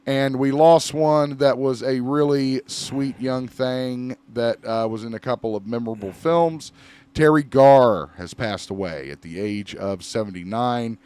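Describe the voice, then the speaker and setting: Guy hosting a podcast, chill rambling chat, cusses a lot, smooth clear voice. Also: mid-range voice, a little slow, a little mellow. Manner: swears, laughs often, loose and rambling. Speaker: podcast host. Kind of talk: casual chat.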